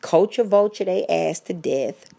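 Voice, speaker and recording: A woman's voice: on the low side, a little slow, vocal fry, dark tone. Blunt, profane woman ranting. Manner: blunt, profane, preachy, talks straight to listeners. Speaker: commentator. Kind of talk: casual podcast rant.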